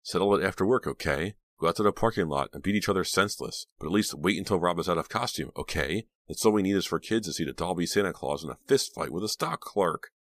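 A man's voice: low-pitched, expressive, fast, few pauses, a bit bright, dry recording. A man reading an audiobook, voicing a stern middle-aged store manager who scolds curtly. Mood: angry. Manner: curt, scolding.

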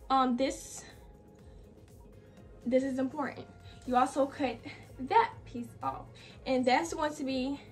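A young woman vlogger, chatty and a bit out of breath, talking through a clothing DIY tutorial with lots of "like" and "y'all". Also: sits high. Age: young adult. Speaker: fashion vlogger. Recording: from a distance off the mic, faint music behind.

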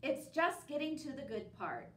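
A woman voicing a grumpy, pompous male bear who talks loudly and haughtily. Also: sits high, big pitch swings, moderate pace, roomy sound, noisy background, voice pushed up. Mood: sulky. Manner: loud, blustering, haughty.

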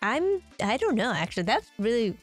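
Chatty young woman, slightly high voice. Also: sing-song, brisk, faint music behind. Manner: chatty, agreeable, giggly. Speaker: anime reaction co-host. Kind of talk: casual chat.

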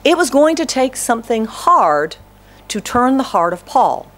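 A woman's voice: a little high, big pitch swings, unhurried, a bit bright. A woman pastor preaching an earnest, conversational sermon, often asking the congregation questions.

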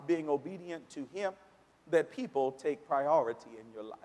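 A man preaching in a church with a fairly high voice. He builds dramatically toward near shouts at his points of emphasis, and his voice rings through a long hall reverb. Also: lively intonation, moderate pace. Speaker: pastor. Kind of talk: sermon. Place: church sanctuary.

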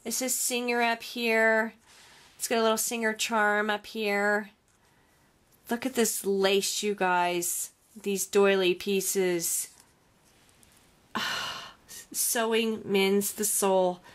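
A woman vlogger chatting casually as she unboxes craft gifts, gushing, exclaiming and often sighing. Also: mid-range voice.

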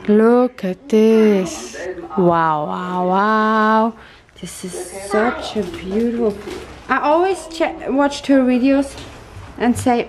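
Slow, gushing woman with a higher voice. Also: crowd noise. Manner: gushing, delighted exclamations; slow, soft, searching for words. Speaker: vlogger opening happy mail. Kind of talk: casual unboxing chat.

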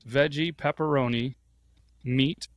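A man's voice: mid-range voice, steady tone, slow. A man co-hosting a podcast in casual chat, talking matter-of-factly while running the on-screen list. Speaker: podcast co-host.

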